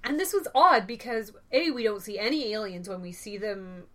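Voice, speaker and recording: Bright, animated woman cohost. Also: medium pitch, moderate pace. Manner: animated, jokey, laughs often. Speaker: podcast co-host. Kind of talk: casual chat recapping an episode.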